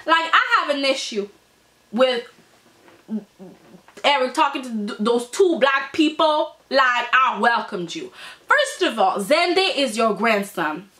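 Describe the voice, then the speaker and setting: A woman reviewing a soap opera in casual chat, animated and opinionated, with lots of "like" and "I mean". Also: high-pitched, takes it slowly.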